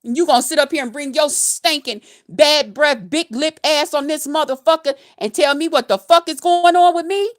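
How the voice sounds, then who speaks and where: A woman's voice: high-pitched, normal speed, hardly any pauses. A woman who works as a nurse, ranting to her viewers in a heated, emphatic way, cussing and hurling insults throughout. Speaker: nurse and vlogger. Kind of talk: angry profane rant to camera.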